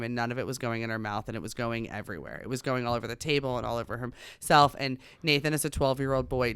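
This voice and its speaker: A woman in her thirties co-hosting a parenting podcast, telling personal stories in an animated way and acting out the dialogue. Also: rumbling low, clear, resonant tone, no echo, studio quality. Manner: animated storyteller, acts out dialogue. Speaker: podcast co-host. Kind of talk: casual chat, personal storytelling.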